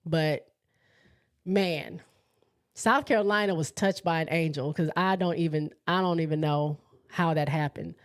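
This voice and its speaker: A woman with a low voice, speaking a little slowly, hosts a casual live sports chat show. She reads out viewer comments, laughs often, and comes across as excitable and chatty.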